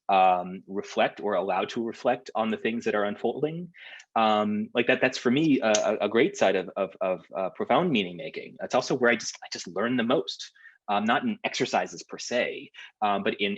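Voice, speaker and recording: A man leading a seminar over a video call, talking in a halting way full of fillers and restarts. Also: fairly low pitch, fairly bright tone, breathy edge, muffled recording. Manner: hesitant, lots of fillers and restarts. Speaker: workshop leader.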